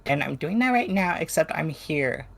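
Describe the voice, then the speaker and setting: Tabletop player, in-character banter, gravelly, mid pitch, blunt, playful. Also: expressive, moderate pace.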